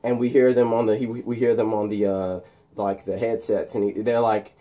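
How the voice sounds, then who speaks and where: A man's voice: on the low side, flat delivery, moderate pace, warm tone. A man casually retelling a made-up film plot in a rambling way. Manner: rambling, many fillers and restarts. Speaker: storyteller.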